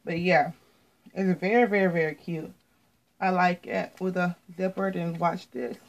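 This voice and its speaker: An American fashion vlogger chats casually to viewers while showing off her latest clothing haul, repeating words and often saying "you guys." Her voice is lowish and unhurried, on a low-quality recording.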